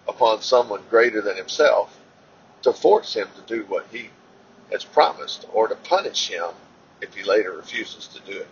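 A man reading scripture aloud in a halting way, with fillers and self-corrections. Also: mid-range voice, gravelly, slight background noise. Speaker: Bible reader. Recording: dull lo-fi recording.

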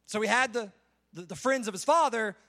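A man's voice: high-pitched, a little fast, bright, forceful tone. A young man preaching a sermon in a casual, conversational way, often saying "like" as he retells a Bible story. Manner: conversational, says "like" a lot.

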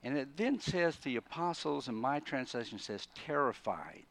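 Man preaching an animated sermon. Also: fairly high pitch, moderate pace, hardly any pauses. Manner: animated storytelling, swings between quiet asides and loud emphatic bursts; repeats and restarts words mid-thought. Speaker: pastor.

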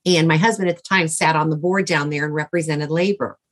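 A woman's voice: deep voice, fairly even intonation, a little fast. A middle-aged woman as an interview guest, telling a personal story in a heartfelt, rambling way with many fillers and restarts.

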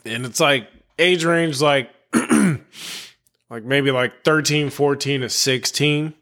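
A man from Chicago co-hosting a podcast, telling a long story in a rambling, profane way and clearing his throat often. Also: medium pitch, steady tone, takes it slowly, a bit bright. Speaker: podcast co-host. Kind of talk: casual storytelling chat.

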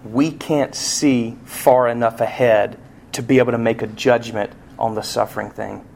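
A man preaching a sermon, telling a family story, going from hushed passages up to loud, pleading cries. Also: mid-range voice, steady tone, normal speed, creaky, a little hiss or hum. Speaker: pastor.

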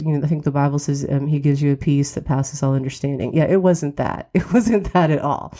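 A woman's voice: low-pitched, dark tone. A middle-aged woman from West Virginia, candidly telling a personal story on her podcast while getting over a cold. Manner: candid, reflective, wry laughs. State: has a cold, occasional cough. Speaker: podcast host.

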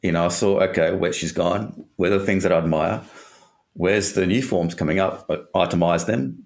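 Deep gravelly bloke from australia, rambly and candid, swears a bit. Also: male voice, moderate pace. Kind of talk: casual personal storytelling.

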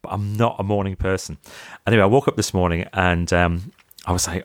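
A man telling lively, self-mocking stories in a casual chat over a video call from his office library. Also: deep voice, fast talker, no echo, studio quality. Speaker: podcast guest, author.

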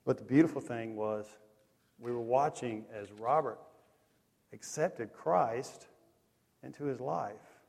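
A man preaching a sermon, telling stories in a lively, conversational way. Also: medium pitch, takes it slowly, gravelly, long pauses. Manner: animated, conversational storytelling with lively swings in loudness. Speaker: pastor. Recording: long echo of a large hall.

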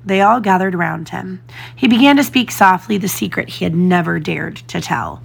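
A woman narrating a children's storybook in a gentle, expressive way. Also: fairly low pitch, moderate pace, vocal fry, husky. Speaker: storybook reader.

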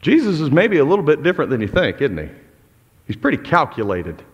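Male pastor, gravelly voice, big swings in pitch, preaching in a reverberant hall. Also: wildly swooping pitch, brisk, dull audio. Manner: impassioned preaching, swinging from loud outbursts to low intense tones. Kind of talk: sermon.

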